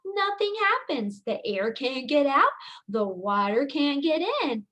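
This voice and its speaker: A high-voiced woman teaching young children, who reads a picture book aloud at an unhurried pace. Her voice swoops much higher on the dramatic lines. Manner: slow and expressive, with big high leaps on dramatic lines. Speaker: preschool teacher.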